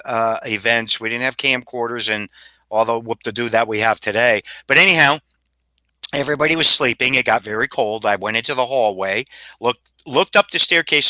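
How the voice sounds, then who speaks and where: Man, sharp bright tone, dry close sound, rambling salty storyteller. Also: medium pitch, dry recording. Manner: rambling, salty, swears freely. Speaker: paranormal investigator guest. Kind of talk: casual storytelling.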